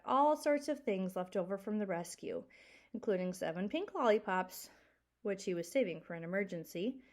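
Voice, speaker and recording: Woman teacher reading aloud to second graders, expressive, lively pitch. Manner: expressive, asks the class questions. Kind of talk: reading a children's book aloud to a class.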